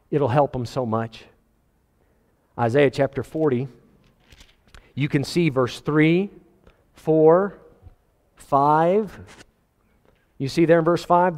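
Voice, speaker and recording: A man preaching a sermon in an earnest voice, his pitch climbing high when he presses a point. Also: darkish tone, long reverb tail. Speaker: pastor.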